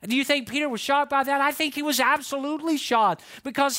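Animated male pastor preaching. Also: very high voice, fairly quick, few pauses. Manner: animated, acts out voices of listeners and Bible figures. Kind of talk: sermon.

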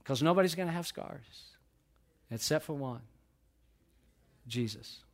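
A middle-aged man preaching a sermon to his church, swinging between loud emphatic peaks and soft hushed lows. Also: expressive, unhurried. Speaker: pastor. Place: church sanctuary.

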